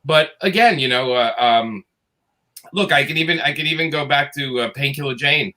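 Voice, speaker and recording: Bright-voiced man telling animated stories. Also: mid-range voice, moderate pace. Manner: animated, acts out quoted dialogue. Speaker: guest comics creator. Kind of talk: casual storytelling.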